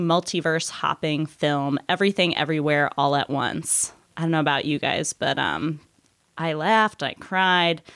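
A woman's voice: low-pitched, a bit bright, no echo, clean studio sound. A woman hosting a podcast, a senior writer who moves from laughing banter into a read-out segment intro. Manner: laughs often, brisk and conversational. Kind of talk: casual chat and scripted intro.

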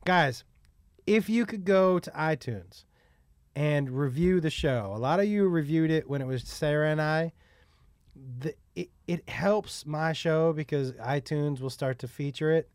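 Man, podcast host, studio chat, brisk storyteller, dry close mic. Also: a little high, no room sound. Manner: swearing, storytelling with quoted voices. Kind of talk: casual chat. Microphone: studio microphone.

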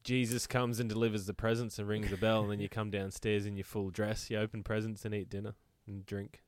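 A man co-hosting a podcast, chatty and quick to chime in with stories. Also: fairly low pitch, little pitch movement, clear, resonant tone, dry recording. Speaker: podcast co-host. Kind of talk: casual chat.

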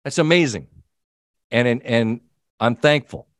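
A middle-aged man hosting a sports talk show, telling an animated story and acting out the people in it. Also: medium pitch, unhurried, no room sound, studio quality. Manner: animated storyteller, quoting himself and others. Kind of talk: casual storytelling chat.

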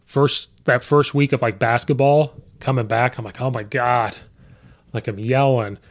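A man's voice: medium pitch, steady tone, a little slow. A man hosting a podcast, chatting casually and telling coaching stories, quoting his players and himself. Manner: storytelling, quotes players and himself. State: voice sometimes hoarse from coaching. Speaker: podcast host and high school coach.

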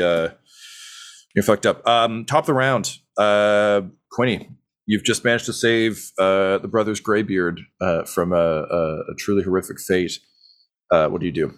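Running a tabletop role-playing session, a man with a fairly low voice narrates as game master in a loose, easygoing ramble. Ums and uhs fill his pauses, and he chuckles readily along the way.

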